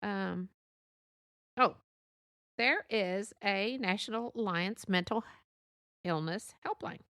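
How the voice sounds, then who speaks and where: A woman's voice: medium pitch, slow pace, fairly bright tone, dry recording, studio quality. A woman hosting a casual solo podcast, chatty and laughing often, with frequent restarts. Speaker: podcast host.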